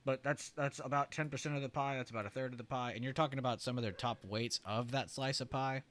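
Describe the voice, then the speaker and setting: A man hosting a trading livestream, talking loosely with lots of "like" and "right?", and clearing his irritated throat often. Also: medium pitch, fairly even intonation, fast talker, a bit bright, slight background noise. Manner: loose and chatty, heavy on "like" and "right?". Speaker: trading stream host. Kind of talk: casual livestream explanation.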